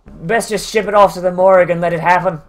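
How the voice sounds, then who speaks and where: A man's voice: high voice, steady tone, quick pace, close to an everyday voice. Man putting on a brash Irish police captain. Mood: mocking. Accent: mock Irish. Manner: boisterous, gleefully crude. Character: crude brutish Irish police captain, male, middle-aged.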